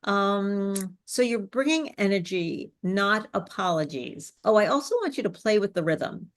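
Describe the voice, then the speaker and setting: A woman speech coach, teaching business speaking skills, varying her pace and bringing her pitch down at sentence ends. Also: animated, a little slow. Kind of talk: live online presentation coaching.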